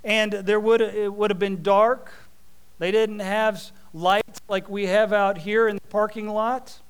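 Male preacher, high and crisp, animated sermon delivery with homey humor. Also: unhurried. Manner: animated storytelling with folksy asides.

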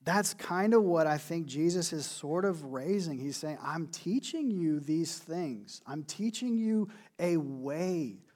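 A man's voice: fairly high pitch, animated, slow pace, few pauses, a little mellow. A man preaching a sermon in an earnest, conversational way, repeating words for emphasis. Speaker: pastor.

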